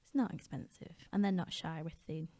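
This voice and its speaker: A woman co-hosting a travel podcast, recalling details casually with many fillers and pauses. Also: deep voice, dark tone. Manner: easygoing, hesitant recollection with many fillers. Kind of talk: casual conversational storytelling.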